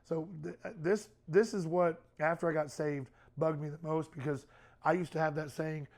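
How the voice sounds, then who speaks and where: A man's voice: fairly high pitch, steady tone, moderate pace, darkish tone. A middle-aged man speaking to a youth group in a casual, conversational way, often repeating words and using fillers.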